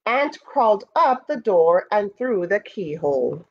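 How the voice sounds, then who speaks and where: A woman teacher reads a storybook aloud to her students, slowly and with lots of expression. Her voice rises and falls as she pauses to ask them questions. The audio is dull and lo-fi. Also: mid-range voice. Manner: slow and expressive, asks the listeners questions. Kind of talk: reading a picture book aloud to students.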